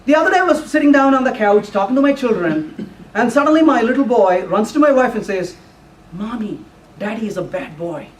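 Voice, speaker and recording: A middle-aged man talks fast in a very high-pitched voice full of big pitch swings, giving a live technical talk to a meeting-room audience. Playful and teasing, he quizzes the room with questions, heard through a roomy, distant recording with faint room noise.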